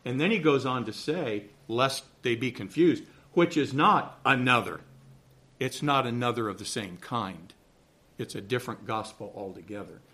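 Bright and forceful, this man's mid-range voice moves at a moderate pace. He has a Southern American accent and teaches a Sunday school Bible class at church, explaining in a chatty, reassuring manner and often checking in with "okay?".

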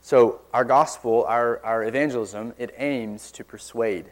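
Earnest male preacher with forceful emphasis. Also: medium pitch, steady tone, unhurried. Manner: earnest, forceful emphasis with sudden quiet drops. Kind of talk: sermon. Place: church.

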